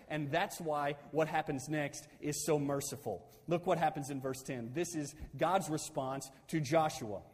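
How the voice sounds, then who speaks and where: A man's voice: fairly high pitch, long reverb tail. A man preaching a sermon conversationally, asking his listeners questions and repeating key phrases.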